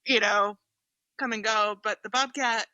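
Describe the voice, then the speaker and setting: A woman tells a story as a podcast guest, expressive and quick to laugh. Her voice is bright and a little high. The recording is dry and close. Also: dry recording, highs cut off. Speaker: guest, journalist. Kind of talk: casual podcast chat.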